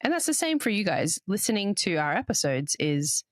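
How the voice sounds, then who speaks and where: A woman in her thirties from Australia with a mixed international accent, chatting casually as a podcast co-host, laughing easily and letting her pitch jump around. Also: big pitch swings, brisk, no room sound, studio quality. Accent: mixed international, Papua New Guinea upbringing. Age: 30s. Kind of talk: casual chat.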